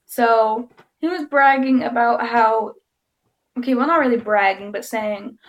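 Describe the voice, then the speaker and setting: A woman's voice: on the high side, measured pace. A woman vlogger telling a story to camera in a casual, chatty way, often giggling and acting out what people said. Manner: giggly, chatty, animated quoting.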